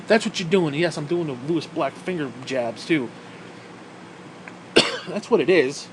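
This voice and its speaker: A man rants angrily to camera, swearing nonstop and dripping with sarcasm. His voice sits somewhat high for a man. A faint hum of background noise lingers behind him. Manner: angry, swearing constantly, sarcastic. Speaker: vlogger. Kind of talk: profane ranting monologue.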